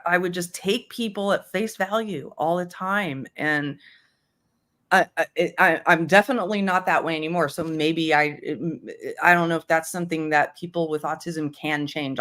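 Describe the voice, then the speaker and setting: Hesitant woman guest, lowish voice. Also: bright, forceful tone. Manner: hesitant, stammering restarts. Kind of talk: casual conversation.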